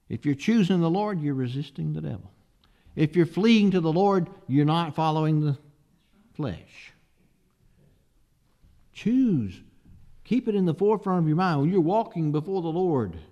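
A man's voice: a little high, gravelly, warm tone, lo-fi sound. A man preaching a sermon, emphatic and asking the listeners rhetorical questions.

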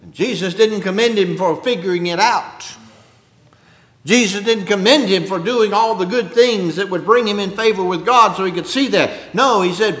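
A man preaching a sermon in an earnest way, rising to loud emphasis and dropping to hushed low lines. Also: moderate pace. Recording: echoey hall, long reverb.

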